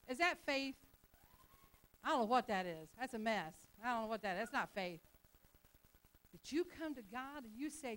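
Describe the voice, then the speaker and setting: A woman preaching in a church with a high, bright voice. She stammers through quick repeats and builds to loud, fervent declarations. Her delivery is that of a pastor in full flow. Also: lively intonation, poor audio. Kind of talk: sermon.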